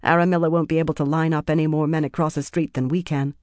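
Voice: mid-range voice, level tone, quick pace, darkish tone, no echo, studio quality, natural voice. A reader voicing a stubborn young queen in an audiobook, with a wry, determined manner. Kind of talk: audiobook character voice.

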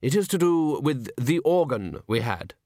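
A man voicing a cold, humorless theatre manager who speaks in a slow, measured, dry way. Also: mid-range voice, sing-song, warm tone, no echo.

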